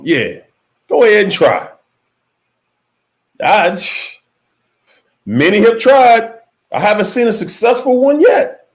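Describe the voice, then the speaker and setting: Livestream host, man: emphatic and preachy, a high, very lively voice that jumps from loud exclaims to low mutters. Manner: emphatic, preachy, talks straight to viewers. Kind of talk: motivational livestream talk.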